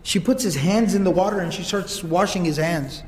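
A man giving a storytelling sermon as a religious lecturer, animated and often repeating words. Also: sits high, normal speed. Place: mosque hall, indoors. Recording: reverberant hall, faint ambience.

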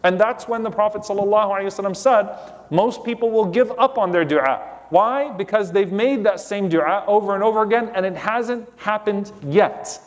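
A man's voice: high-pitched, moderate pace, big-room sound. A man giving a sermon as a preacher, earnest and explanatory.

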